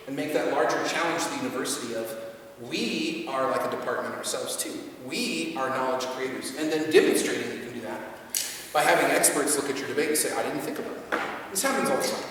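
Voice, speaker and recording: American man lecturing in an echoey hall. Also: medium pitch. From United States. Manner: conversational, animated, quotes people in asides. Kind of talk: university lecture with audience questions. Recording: echoey hall from far off, faint noise.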